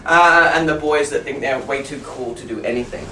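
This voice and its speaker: A woman's voice: deep voice, brisk, bright, forceful tone, far from the mic. A woman talks a room of fellow teachers through a classroom routine, laughing easily and slipping into her pupils' voices. She sounds set back from the mic in a roomy space, with a faint hum of room noise behind her. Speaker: teacher trainer. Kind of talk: workshop talk to fellow teachers.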